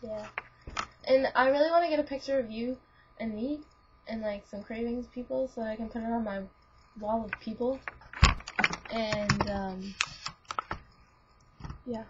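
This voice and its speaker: Over lo-fi webcam audio with background noise, a young adult woman who vlogs as a student describes a dream to a friend. Her fairly high voice is a little slow and pauses often, and her casual telling is giggly and rambling, with lots of "like" and restarts.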